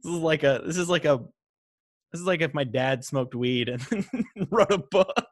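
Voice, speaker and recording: A podcast co-host with a fairly high voice talks at normal speed in casual chat, laughing often and making self-deprecating jokes.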